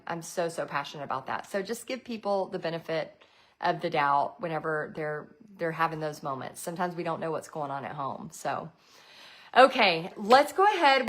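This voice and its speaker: A woman's voice: medium pitch, a bit bright. Middle-aged lady teaching live, chatty, tells stories and acts out what people said. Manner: chatty storyteller, quotes people in acted voices. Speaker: paint party business coach.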